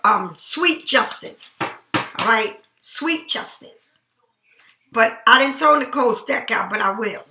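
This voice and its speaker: Chatty high-voiced woman reading tarot. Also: pushed and bright, roomy sound, slight background noise. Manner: chatty, emphatic, keeps asking "right?" and "all right?". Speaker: tarot card reader.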